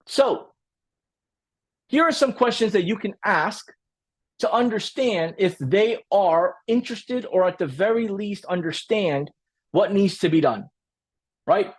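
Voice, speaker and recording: With a high-pitched, expressive voice, a man coaches a lively training webinar. He repeats himself for emphasis, keeps asking "right?", and slips into quick role-plays of client conversations.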